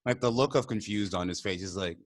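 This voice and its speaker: A man, an immigrant, co-hosting a podcast and telling a personal story in casual conversation, animated and often laughing. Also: lowish voice, fairly quick. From immigrant to the country. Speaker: podcast co-host.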